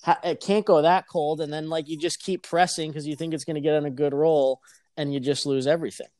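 A young man telling a casual, profane story on a podcast, animated and laughing as he talks. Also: a little high, fairly quick, no echo, clean studio sound. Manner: animated, swears constantly, laughs mid-sentence.

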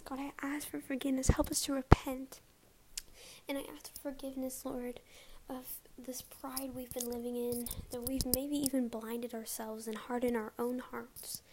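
A young woman leading a spoken prayer for her viewers, earnest and breathy, half-whispering and a little out of breath. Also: high-pitched, noisy background. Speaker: Christian vlogger. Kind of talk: spoken prayer and closing message.

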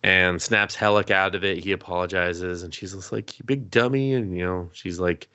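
A man's voice: deep voice, fairly even intonation, moderate pace, few pauses, bright, forceful tone, no room sound, muffled recording. A man co-hosting a podcast, casually recapping an anime episode, acting out the characters' lines, laughing and swearing as he goes. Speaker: podcast co-host.

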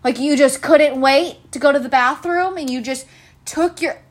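A woman's voice: high voice, normal speed. A young woman hosting a solo podcast, ranting about retail customers with sarcastic, profane exasperation. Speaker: podcast host.

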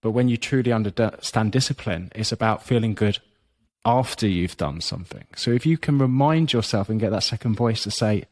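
A man with a lowish, slightly mellow voice talks fairly quickly. He's a fitness business coach guesting on a podcast, delivering motivational interview talk that's blunt, profane and full of "you know."

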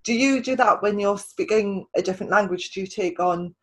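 In a rough recording, a woman with a mid-range voice talks a little fast as she hosts a relaxed interview. She's a writer and podcast host whose chatty speech keeps restarting and repeating words.

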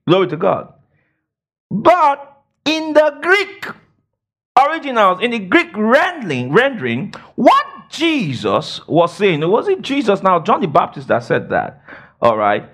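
A man's voice: huge pitch swings, measured pace, a bit bright. A man preaching a sermon and teaching the Bible, asking the congregation questions and filling his talk with "praise God" and "all right". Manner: emphatic, swoops between high and low.

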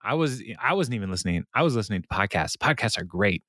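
A man's voice: on the low side, big pitch swings, quick pace, fairly bright tone, dry recording, studio quality. A man co-hosting a podcast, rambling through an episode recap with many fillers and frequent laughs. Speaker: podcast co-host.

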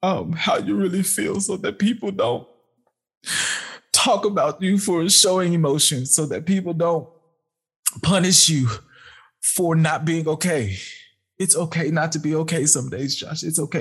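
Husky tearful man, halting and heartfelt. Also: fairly high pitch, fairly bright tone. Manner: halting, heartfelt, with sighs and pauses. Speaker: man addressing his younger self. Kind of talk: emotional personal address.

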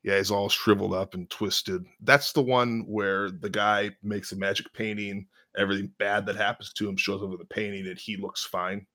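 Low-voiced man, wry and informed, dry deadpan humor, dry close sound. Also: moderate pace, hardly any pauses, dry recording. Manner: wry, knowledgeable, deadpan jokes. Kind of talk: casual chat.

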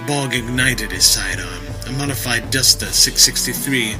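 A man narrating an action story in a vivid, expressive storytelling manner. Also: medium pitch, moderate pace, over music, poor audio.

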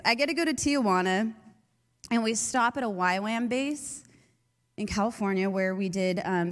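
A young woman, a youth leader, telling her faith story in a chatty way with many fillers. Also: mid-range voice. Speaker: youth leader giving testimony. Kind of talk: personal testimony talk. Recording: long hall reverb.

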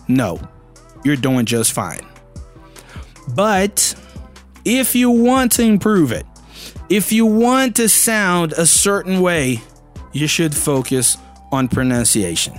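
A man in his thirties from Brazil with a Brazilian Portuguese accent, a native Portuguese speaker giving a casual, animated English pronunciation lesson and often asking the listener questions. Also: fairly high pitch, takes it slowly, faint music behind. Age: 30s. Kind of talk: casual spoken lesson to camera.

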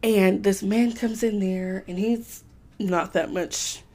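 A woman's voice: mid-range voice, slow pace. Profane woman telling stories. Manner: animated, profane, swears freely while telling stories. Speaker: podcast co-host. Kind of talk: casual chat, storytelling.

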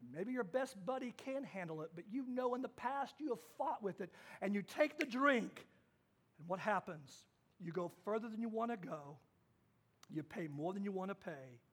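Male pastor, very high voice, animated storytelling sermon. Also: moderate pace, husky. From Kansas. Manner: storytelling with acted-out quotes, swings from hushed to loud.

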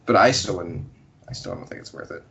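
A man co-hosting a casual podcast chat, talking loosely and acting out characters in quick quoted bits. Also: sits low, gravelly. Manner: animated, acts out game characters in quick quotes. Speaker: podcast co-host. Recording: dull lo-fi sound.

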